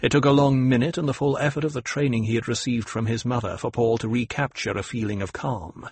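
A man reading a novel aloud in a measured, even narrating manner. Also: mid-range voice, husky, dry recording. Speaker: audiobook narrator. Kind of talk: scripted narration.

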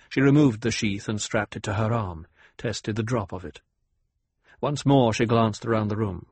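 A man narrating an audiobook in a steady, even storytelling manner. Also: on the low side, slightly rough, no echo. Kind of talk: scripted narration.

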